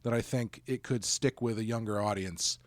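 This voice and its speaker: A man co-hosting a podcast, chatting casually in a rambling, relaxed way and often correcting himself mid-sentence. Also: on the low side, moderate pace, no room sound, clean studio sound. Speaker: podcast co-host. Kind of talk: casual chat.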